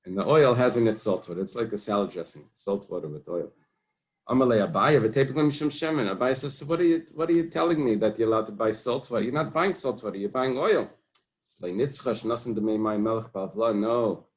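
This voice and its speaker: A man teaching a Talmud lesson in a relaxed way, thinking aloud with fillers and mixing Hebrew and Aramaic terms into his English. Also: lowish voice. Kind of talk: casual Talmud study lesson.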